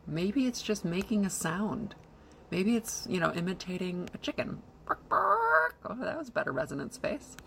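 A woman's voice: fairly low pitch, lively intonation, normal speed, creaky, slight background noise. A woman voice coach giving instructional advice in an encouraging, conversational way, often posing questions to the listener. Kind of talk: instructional talk to camera.

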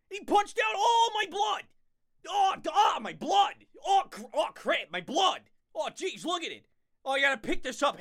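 A young man playing a hyper, fast-talking scout character from a game in a comic impression, frantic and yelping. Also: very high-pitched, sharp tone, full character voice.

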